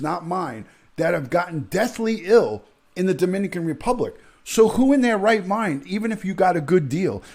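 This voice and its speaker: A middle-aged man hosting a live stream, his voice sitting a little high for a man. He rants with outrage and hammers his points home. He keeps repeating himself and restarting sentences mid-thought. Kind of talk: heated live-stream rant.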